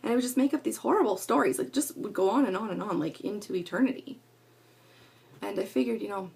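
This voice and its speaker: Gravelly-voiced woman chatting about parenting. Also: medium pitch, darkish tone. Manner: rambling, earnest, many fillers. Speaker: parenting vlogger. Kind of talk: casual talk to camera.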